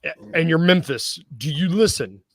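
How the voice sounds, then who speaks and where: A man's voice: on the high side, lively intonation, moderate pace, no room sound. A man hosting a casual sports podcast, rambling and joking, often correcting himself mid-sentence. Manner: rambling, self-correcting, jokey. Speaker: podcast host.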